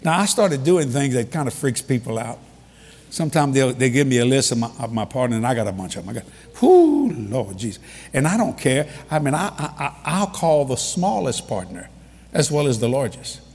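A man preaching a humorous storytelling sermon in a large hall, animated and repeating key lines for emphasis. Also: medium pitch, brisk, breathy edge. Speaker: preacher leading a ministry. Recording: long reverb of a large hall.

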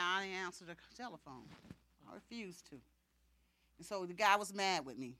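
Bright, lively woman preaching a testimony. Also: medium pitch, dry recording. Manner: animated storytelling, acting out dialogue. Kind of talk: sermon testimony.

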